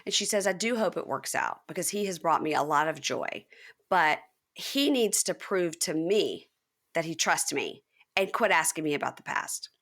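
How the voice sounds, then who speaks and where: A woman's voice: deep voice, expressive, normal speed, a bit bright. A woman hosting a podcast, chatting casually and animatedly as she recaps a reality TV episode and acts out what people said. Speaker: podcast host.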